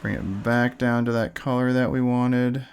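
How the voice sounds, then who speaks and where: A man streaming a relaxed miniature painting tutorial, coaching in a soft, calm tone. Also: medium pitch, moderate pace, clean tone.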